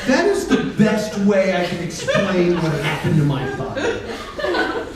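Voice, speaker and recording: A man doing a stand-up comedy set on a convention stage, acting out both sides of his stories with quick voice changes. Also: sits high, huge pitch swings. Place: convention stage with live audience. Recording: echoey room, far mic, crowd.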